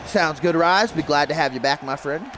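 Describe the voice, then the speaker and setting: A man doing excitable play-by-play for a wrestling video game stream, laughing at the action and reading viewer tweets. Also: on the high side, moderate pace, some chatter behind, slight background noise.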